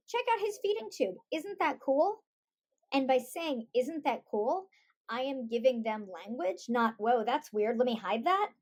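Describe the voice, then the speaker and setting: A middle-aged woman, a guest on a podcast, telling stories in a lively way and acting out the voices she quotes. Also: sits high. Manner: animated storytelling, acts out quoted voices. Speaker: guest, author and parent. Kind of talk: conversational podcast interview.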